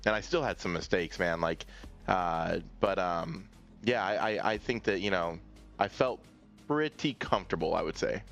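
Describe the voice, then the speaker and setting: Low-voiced man in hesitant post-race chat. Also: a bit bright. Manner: hesitant, many fillers and restarts. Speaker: racing driver being interviewed. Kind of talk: casual post-race interview.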